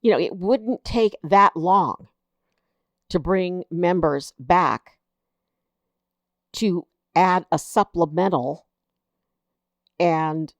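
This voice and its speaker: Host: woman, low-ish voice that swings widely, unhurried, sounds indignant and incredulous. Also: no echo, studio quality. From United States. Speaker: political commentator, host. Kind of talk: casual political commentary, reading news aloud.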